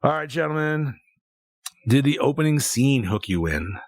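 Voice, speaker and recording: A man in his thirties hosting a casual podcast, telling animated, profanity-laced stories. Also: mid-range voice, normal speed, no echo. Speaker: podcast host.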